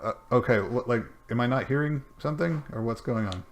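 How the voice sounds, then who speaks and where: A man's voice: medium pitch, brisk. A man running a tabletop game as dungeon master over online voice chat, hesitant and full of fillers.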